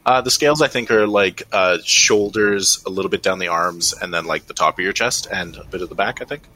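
A man's voice: low-pitched, fairly quick, bright, forceful tone. A man narrating as game master of a tabletop game, hesitant and full of fillers.

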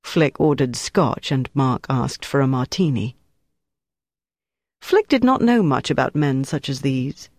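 Steady, dry audiobook narrator. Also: mid-range voice, measured pace, no echo. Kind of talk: scripted narration.

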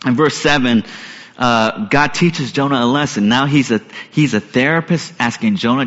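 A man's voice: medium pitch, moderate pace, a bit bright. Guy giving a sermon, talks to the crowd with lots of questions, echoey hall, kinda dull audio. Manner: earnest, conversational preaching with rhetorical questions. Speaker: pastor.

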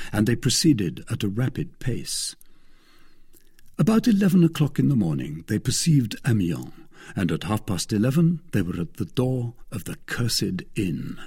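A man reading a classic novel aloud as narrator, in an expressive, measured way. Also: fairly low pitch, slightly rough. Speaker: audiobook narrator. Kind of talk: scripted narration.

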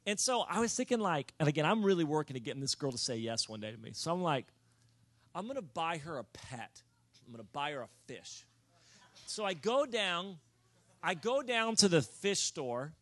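A man telling a comic personal story in a sermon, animated and building to near-shouts. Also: fairly high pitch, no room sound.

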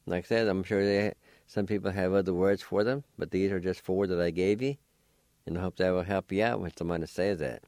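A man hosting a language lesson, slowly spelling out letters and sounding out syllables for listeners. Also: low-pitched, fairly even intonation, darkish tone, no echo, studio quality. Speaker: language teacher and show host.

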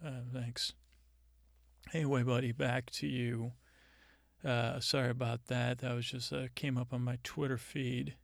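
A man tells a comedy story in a halting, deadpan ramble, stammering and restarting as he quotes both sides of a conversation. His voice is low-key and gravelly, held to a flat, narrow pitch. The sound is dry and close, with no room echo. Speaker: comedy podcast host.

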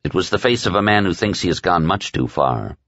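A man giving expressive, scripted audiobook narration. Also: low voice, brisk, no room sound, dull audio.

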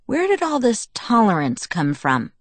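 A woman's voice: mid-range voice, wildly swooping pitch, a little slow, no room sound, pitched above the performer's own voice. A woman reading an earnest, anxious teenage girl. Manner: eager, questioning, slightly raised. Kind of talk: audiobook dialogue reading.

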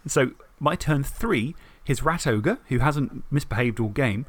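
Animated man retelling a tabletop match. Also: mid-range voice, measured pace, background noise. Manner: animated storytelling, swearing, acts out his own thoughts. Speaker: podcast co-host. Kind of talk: casual tabletop game recap.

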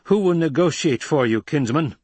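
A man's voice: fairly high pitch, expressive, moderate pace, a little mellow, husky, no room sound, voice pushed up. A man playing a furious, haughty deposed emperor. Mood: sneering. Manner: barking, indignant outbursts.

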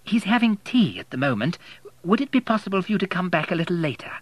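A man's voice: high voice, sing-song, fast talker, no echo, voice pushed up. A man voicing a smiling, plump vicar's wife who talks politely and gets flustered, in an audiobook reading. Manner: flustered, hesitant.

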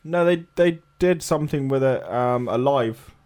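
A man's voice: mid-range voice, unhurried, darkish tone. Hesitant young man. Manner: hesitant, full of ums, restarts. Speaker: podcast co-host. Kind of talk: casual chat.

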